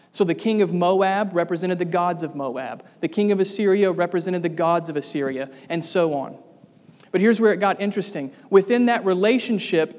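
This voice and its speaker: High-voiced preacher in an echoing hall. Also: male voice, a little mellow. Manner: emphatic, rhetorical questions to the congregation. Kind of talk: sermon. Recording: long reverb of a large hall.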